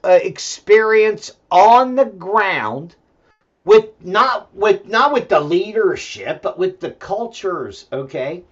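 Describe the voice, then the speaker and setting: A man's voice: sits high, animated, takes it slowly. A male host giving a rambling, profane political rant full of fillers and restarts, and talking aside to his dog at home. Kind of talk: solo political commentary rant. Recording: dull lo-fi sound.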